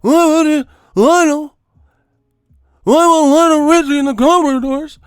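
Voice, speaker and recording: A man voicing a whiny, high-pitched man who deflects every question with shrill, indignant interjections. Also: a little slow, no room sound, studio quality.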